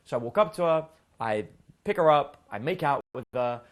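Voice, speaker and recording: A man with a mid-range voice and lively intonation, speaking at normal speed, plays the role of a dating coach in a casual storytelling monologue. He tells his stories bluntly and profanely, acting out what the people in them said.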